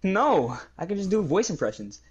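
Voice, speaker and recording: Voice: medium pitch, very animated, normal speed, breathy edge, lo-fi sound. A speaker joking and teasing during casual gaming chat. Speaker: roleplay podcast member.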